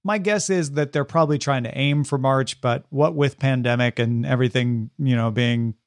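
A man co-hosting a podcast in casual chat, reading out listener news, relaxed and joking, with frequent "uh" fillers. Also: mid-range voice, normal speed, no room sound, clean studio sound. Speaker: podcast co-host.

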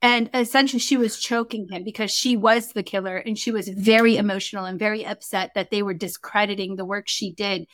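A woman's voice: mid-range voice, a little fast, hardly any pauses, no room sound. A young adult woman, a guest in a casual interview, telling a story and acting out the quoted dialogue. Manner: animated, acts out quoted dialogue. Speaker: guest, Akashic record reader.

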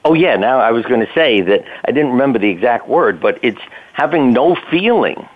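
An older man, a doctor appearing as a guest, tells stories in a relaxed, conversational way, chuckling and acting out what people said. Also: mid-range voice, brisk. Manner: conversational storyteller, chuckling, acts out quotes. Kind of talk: casual storytelling interview. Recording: tinny phone line.

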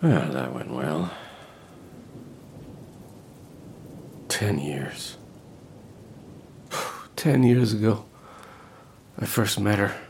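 An actor playing a bitter, drunken middle-aged estate manager, rambling and self-pitying in a stage drama. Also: male voice, on the low side, creaky, slight background noise, heavily acted. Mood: wistful. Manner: rambling, melancholy, pleading.

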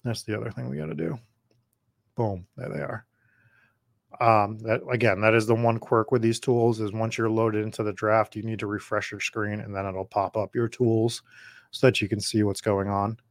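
With a lowish, gravelly, slightly worn voice, a podcast host speaks at a steady tone and normal speed. There's no echo as he rambles casually through live drafting commentary and replies to viewer comments.

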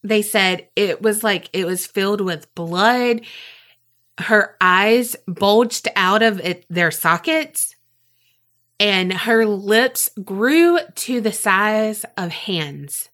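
Woman, podcast co-host, casual storytelling, unhurried, animated, swears. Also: medium pitch. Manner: animated, swears freely, laughs while telling.

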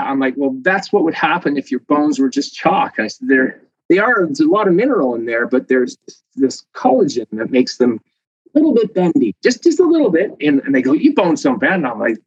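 Animated male scientist, slightly dull audio. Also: mid-range voice, dry recording. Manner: animated, filler-heavy explaining with laughs. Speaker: muscle protein scientist guest. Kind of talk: conversational interview.

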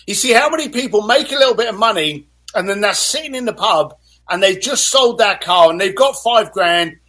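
A man guesting on an interview show, his voice pitched high and a little husky. He talks with big swings in pitch and tells stories energetically, often acting out the lines of the people in them. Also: brisk. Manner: animated storyteller, acts out voices. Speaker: guest author. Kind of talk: motivational interview talk.

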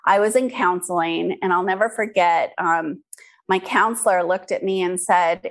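A woman's voice: fairly low pitch, steady tone, a little slow. Candid woman sharing her story. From California, USA. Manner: earnest, frequent ums and restarts. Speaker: interview guest, skincare business founder.

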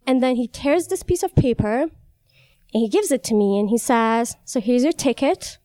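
High, clear-voiced young woman. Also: lively intonation, normal speed, dark tone, dry recording. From Iran. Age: young adult. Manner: candid, wry, laughs between lines. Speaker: storyteller. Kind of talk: personal storytelling on stage.

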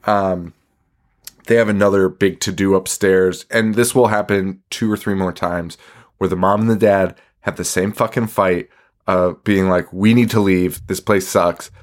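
A man's voice: low voice, steady tone, measured pace. A man hosting a podcast, recapping a movie in casual chat, swearing a lot, laughing often and rambling. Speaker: podcast host.

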